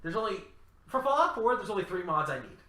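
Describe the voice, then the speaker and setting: A man co-hosting a casual gaming chat, excitable and jokey, laughing often. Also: high-pitched, quick pace. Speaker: podcast co-host. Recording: echoey room.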